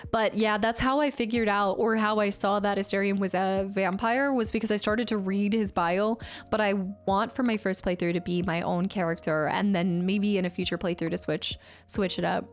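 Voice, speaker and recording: A woman's voice: mid-range voice, fairly even intonation, normal speed, few pauses, soft background music. A young woman streamer chatting casually with her viewers, reading comments and laughing often. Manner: chatty, laughs often, answers chat by name. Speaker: game streamer.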